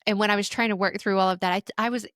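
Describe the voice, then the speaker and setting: A woman's voice: mid-range voice, fairly even intonation, racing, a bit bright, no room sound, studio quality. A woman hosting a podcast, sharing her own experience in an earnest, reflective way. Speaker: podcast host. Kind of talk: conversational interview.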